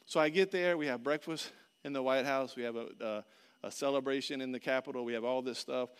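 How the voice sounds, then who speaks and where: A man preaching a sermon, telling a personal story with lively swings between loud outbursts and hushed, earnest passages. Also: mid-range voice, fairly quick, smooth. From Florida. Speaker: pastor.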